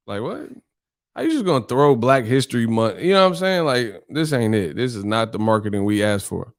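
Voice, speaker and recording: A man's voice: mid-range voice, very animated, brisk, no room sound, clean studio sound. A man hosting a live stream, ranting casually in a profane, exasperated way and laughing often. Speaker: streamer host.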